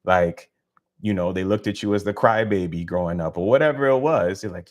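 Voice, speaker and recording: A man's voice: low-pitched, brisk. A man hosting a casual live stream, talking in a laid-back, slangy, encouraging way and laughing often. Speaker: live stream host, spiritual healer.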